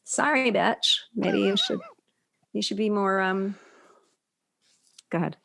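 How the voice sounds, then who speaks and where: A woman co-hosting a podcast, telling lively, profane stories in casual chat. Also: medium pitch, slow pace, vocal fry, a little hiss or hum. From Southern California. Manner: animated storytelling with profanity. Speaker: podcast co-host.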